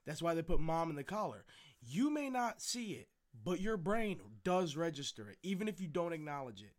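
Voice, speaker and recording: A man's voice: a little high, very animated, moderate pace. A young man chatting casually as a podcast co-host, rambling and swearing freely. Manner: rambling, profane, laid-back. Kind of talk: casual chat.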